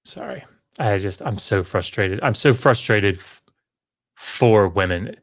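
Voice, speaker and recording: A podcast co-host with a fairly low voice vents his frustration at an unhurried pace during a heated casual discussion. He is emphatic and exasperated, sighing and repeating words.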